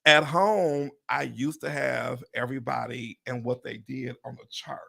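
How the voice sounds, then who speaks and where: A man hosting a livestream chat, telling a story with excitement, acting out what people said, swearing and laughing often. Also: mid-range voice, a little slow, gravelly. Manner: animated, acts out quotes, swears, laughs often. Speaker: real estate agent and livestream host.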